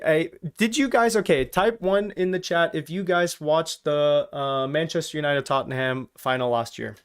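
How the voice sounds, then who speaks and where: Streamer guy from germany chatting with his viewers, kinda high smooth voice, cracking jokes at the chat. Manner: jokey, reads out and teases chat. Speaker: live stream host. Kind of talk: casual watch-along stream chat.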